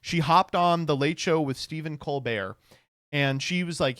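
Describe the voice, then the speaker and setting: A man's voice: fairly high pitch, measured pace, fairly bright tone, clear, resonant tone, dry recording, studio quality. A man streaming reaction commentary, sarcastic and swearing, laughing often.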